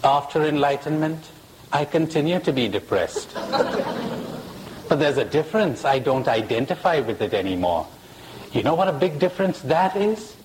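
A man giving a live spiritual talk to an audience in a hall, slow and emphatic, playful with rhetorical questions. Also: a little high, big pitch swings, a little mellow, a little hiss or hum. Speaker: spiritual speaker.

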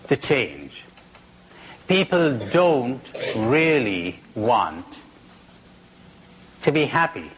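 Slow, lively-pitched man lecturing. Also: breathy edge. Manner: blunt, teasing, drawn-out delivery, tells jokes. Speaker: speaker giving a talk. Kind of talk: spoken lecture with rhetorical questions.

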